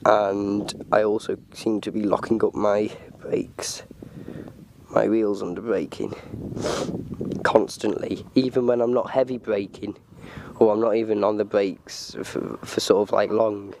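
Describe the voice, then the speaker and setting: Slow-talking man vlogging outdoors. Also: on the low side, level tone, gravelly, darkish tone, a little hiss or hum. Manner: rambling, halting, many ums. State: out of breath. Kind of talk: casual vlog while driving and walking. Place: outdoors on a wooded hill. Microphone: handheld camera.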